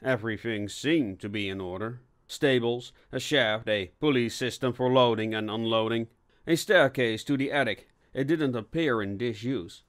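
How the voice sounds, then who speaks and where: A man reading scripted narration for an audiobook in a steady, even storytelling manner. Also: medium pitch, moderate pace.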